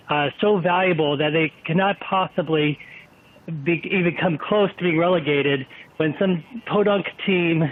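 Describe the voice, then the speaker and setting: A man phoning in to a radio football show, making his point in an emphatic, insistent way. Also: on the high side. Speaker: caller. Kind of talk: radio call-in argument. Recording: tinny phone line.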